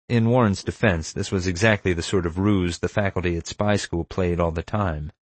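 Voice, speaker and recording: A man narrates a first-person adventure story in a steady, measured delivery. His voice is low and sits deep in his chest. The recording is dry and close, with no room sound at all. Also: no echo. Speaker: audiobook narrator.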